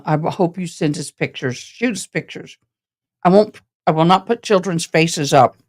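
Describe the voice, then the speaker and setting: A woman's voice: sits low, darkish tone. A woman hosting a casual live stream about a trial, chatting with viewers in a rambling, passionate, direct way. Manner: self-described passionate and direct.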